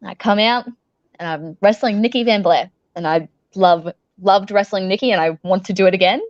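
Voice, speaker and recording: A young Australian woman chats through an interview in a loose, rambling way, laughing often and swearing freely. Her voice sits at an ordinary pitch. The recording is dry and slightly muffled. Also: normal speed, no room sound. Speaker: professional wrestler, interview guest. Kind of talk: casual interview chat.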